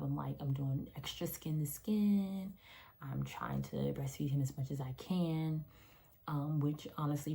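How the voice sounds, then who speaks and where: This is a personal testimony vlog from an adult woman, a mother of three, recording herself on her phone's front camera. She speaks with a deep, warm, slightly rough voice, emotional and sincere, repeating phrases for emphasis.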